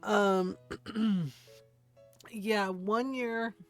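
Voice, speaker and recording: A woman's voice: medium pitch, fairly even intonation, drawn-out words. A woman streamer chatting casually while gaming, rambling with lots of fillers and asking "right?" often, over faint background music.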